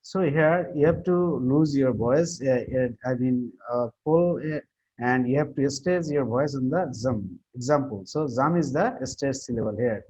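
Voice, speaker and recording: A man's voice: mid-range voice, warm tone, breathy edge. A man teaching a class on word stress and intonation, often repeating himself and restarting his sentences. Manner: halting, repeats himself, many fillers and restarts. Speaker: English teacher. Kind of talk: classroom lecture on pronunciation. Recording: muffled lo-fi recording.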